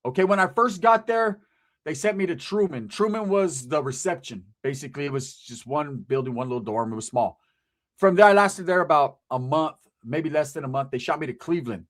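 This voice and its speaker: A man with a fairly high voice talks straight to his audience. He is blunt and emphatic, swears often and uses a lot of street slang. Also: fairly quick. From Southern California. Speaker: channel host. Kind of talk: casual monologue to camera.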